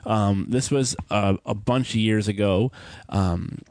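A man co-hosting a podcast, telling stories in a casual chat, laughing often and acting out quotes in a high voice. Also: takes it slowly, a little mellow, no room sound. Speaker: podcast co-host.

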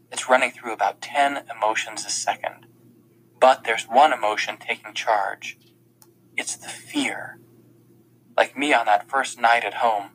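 A man's voice: medium pitch, a bit bright, slightly rough, rough recording. A man reading a first-person audiobook in an earnest, tense storytelling manner. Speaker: audiobook narrator.

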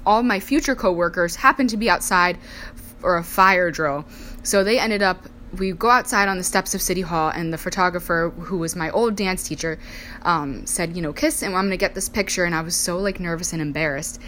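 A woman's voice: on the low side, moderate pace, fairly bright tone, a little hiss or hum. A young woman telling a personal story in a casual, chatty way, full of "like" fillers. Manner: chatty, many "like" fillers, acts out quoted voices. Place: indoors, sipping coffee while talking.

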